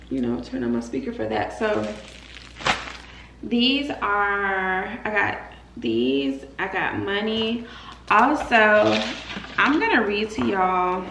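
A young woman vlogging in casual chat, talking straight to her viewers. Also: mid-range voice. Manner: chatty, talks straight to viewers. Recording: roomy echo, faint room noise.

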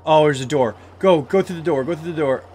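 A man playing a horror puzzle game as a let's-play, easily startled, yelling when scared and talking himself through the tense parts. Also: fairly high pitch, fairly quick, a little hiss or hum. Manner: excitable, shouts in fright, talks himself through scares. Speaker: gamer.

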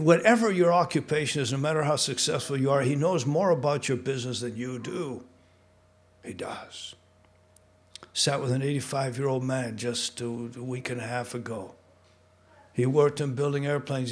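A man from the United States preaching a sermon in a church, animated and pressing, rising loud on key points and asking the congregation questions. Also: on the high side. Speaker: pastor. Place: church sanctuary.

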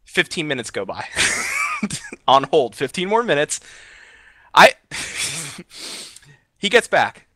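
Animated, bright-voiced man ranting. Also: fairly high pitch, slow pace, pauses often, husky, dry recording. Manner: animated, exasperated ranting punctuated by laughter. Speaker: podcast co-host. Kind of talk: casual storytelling on a gaming podcast.

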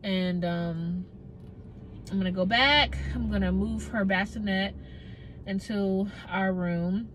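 A woman's voice: medium pitch, slow, fairly bright tone, slight background noise, low-quality recording. A young pregnant woman, chatting casually to her vlog camera, rambling and out of breath. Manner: chatty, rambling, laughs often. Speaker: vlogger.

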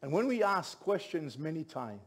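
A middle-aged man, a pastor telling a story in a sermon with lively, building delivery. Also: a little high, normal speed. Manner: animated storyteller, rising to shouts at climaxes.

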